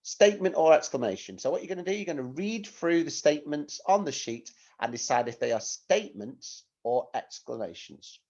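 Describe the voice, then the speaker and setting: A man's voice: a little high, expressive, fairly quick, few pauses, a little mellow. A male teacher giving a recorded lesson to young children, explaining patiently and asking them questions. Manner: patient, clear instructions to children with rhetorical questions. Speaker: primary school teacher. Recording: dull lo-fi recording.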